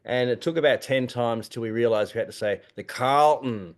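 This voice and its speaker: A man with an Australian accent chatting casually on a video call, relaxed and rambling, laughing along as he talks. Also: medium pitch, fast talker. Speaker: guest.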